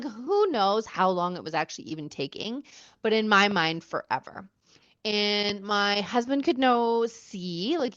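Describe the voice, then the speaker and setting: A woman's voice: medium pitch, lo-fi sound. A woman in her thirties hosting a personal podcast, telling her story candidly and reflectively with frequent fillers. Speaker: podcast host.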